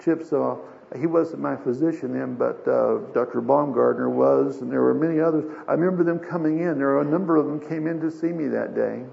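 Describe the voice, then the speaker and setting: A man's voice: medium pitch, a little fast, gravelly. An older man preaching a sermon as a pastor, folksy and storytelling, with emphatic swells. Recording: dull lo-fi sermon recording with faint hiss.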